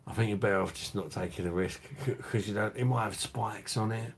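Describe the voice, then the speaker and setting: A man's voice: fairly low pitch, fairly even intonation, brisk, creaky, hardly any pauses, breathy edge. A man hosting a live stream, chatting casually with crude jokes and frequent laughter. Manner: laughing, crude banter with chat.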